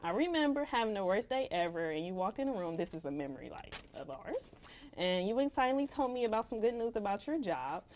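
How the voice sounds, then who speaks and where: A woman's voice: medium pitch, very animated, quick pace, a little mellow, slight background noise. A young woman in casual chat, reading a heartfelt farewell letter to a co-host. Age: young adult. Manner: emotional, laughing, Southern "y'all" slang.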